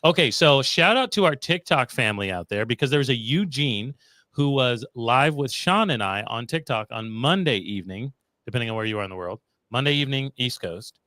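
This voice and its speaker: A man's voice: mid-range voice, lively intonation, a little fast, pushed and bright, dry recording. A man hosting a livestream in a casual, playful chat, full of joking asides. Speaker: host of a livestream show.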